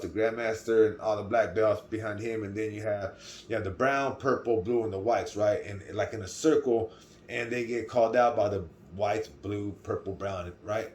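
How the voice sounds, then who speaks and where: A middle-aged vlogger with a Californian accent shares a personal story in a casual vlog, rambling, restarting, and tossing in "right?" as he goes. His voice is on the low side and a little mellow, with a bit of hiss or hum in the recording.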